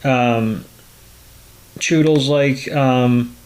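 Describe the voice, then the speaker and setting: A man hosting a podcast, retelling a cartoon episode in a loose, rambling way. His voice sits at a middle pitch. He keeps going with lots of filler words. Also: fairly even intonation, very slow. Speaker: podcast host. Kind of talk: casual episode recap.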